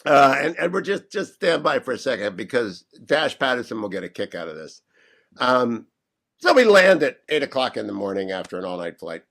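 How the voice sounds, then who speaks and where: A man's voice: medium pitch, big pitch swings, fairly quick, creaky, a bit bright. A man hosting a radio talk show from a hotel room, goofy and rambling with jet lag.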